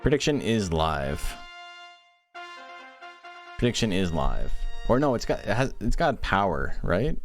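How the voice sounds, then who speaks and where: A man giving casual play-by-play commentary on a monster-raising game tournament, chatting quickly and answering questions from chat. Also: lowish voice, very animated, faint music behind.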